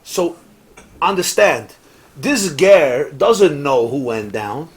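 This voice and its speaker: A man, a rabbi, teaching a Torah class in a lively, sing-song lecture style, mixing in Hebrew and Yiddish phrases, asking rhetorical questions and cracking jokes. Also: on the high side, slow pace, husky. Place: synagogue study hall, live class.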